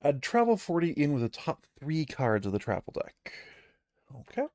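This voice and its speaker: A man narrating his solo fantasy tabletop game for a live stream, reading out the game text and musing about his moves in a chatty way. His voice is gravelly, with a lively, moving pitch. The sound is close and dry. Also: normal speed, no room sound. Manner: chatty, reads game text aloud and muses to himself.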